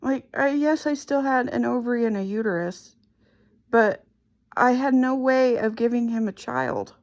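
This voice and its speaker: A middle-aged woman slowly and haltingly retelling a painful personal story. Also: a little high, animated. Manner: slow, halting, emotional retelling. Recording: dull lo-fi recording.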